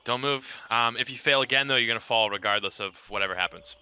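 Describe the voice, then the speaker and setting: A man's voice: medium pitch, quick pace, bright, forceful tone, smooth. A man running a tabletop game as game master, describing scenes with many fillers.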